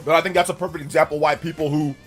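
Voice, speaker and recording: A man hosting a live stream, chatting in an animated, mocking way with quick bursts of speech. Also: a little high, soft background music. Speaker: streamer host. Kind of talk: live stream commentary chat.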